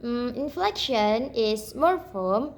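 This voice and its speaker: A young woman with an Indonesian accent walks her classmates through a grammar lesson. Her voice sits high and her pace is slow, and she stops often on fillers and restarts as she explains. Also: lively intonation. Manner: halting, with many fillers and restarts. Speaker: student presenter.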